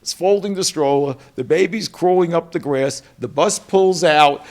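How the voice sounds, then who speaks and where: Gravelly New York businessman telling stories. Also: fairly high pitch, moderate pace. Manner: animated storyteller acting out quotes. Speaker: guest, company co-president. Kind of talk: storytelling interview.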